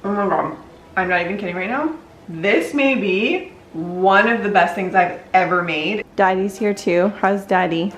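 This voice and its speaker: A woman's voice: mid-range voice, normal speed, highs cut off, slight background noise. A woman in her thirties, a chatty and upbeat vlogger who laughs easily as she talks to her viewers. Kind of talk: casual vlog chat.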